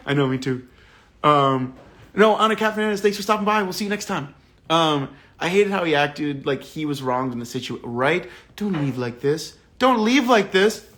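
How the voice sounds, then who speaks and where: Animated, slightly high-voiced male host. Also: moderate pace. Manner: animated and indignant, casual swearing and slang. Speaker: book club host. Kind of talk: livestream book discussion, reading viewer comments aloud.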